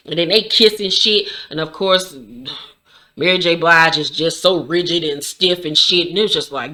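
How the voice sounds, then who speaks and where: A woman's voice: on the low side, unhurried. A woman casually recapping a TV drama episode, cursing freely and acting out the characters' lines herself. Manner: profane, animated, acts out characters' lines. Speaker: recap vlogger.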